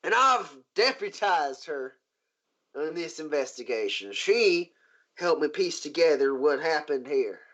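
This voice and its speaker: A man's voice: on the high side, big pitch swings, measured pace, a bit bright. A man doing a blunt frontier woman marshal. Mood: brisk. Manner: folksy frontier drawl, clipped orders. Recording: muffled lo-fi recording.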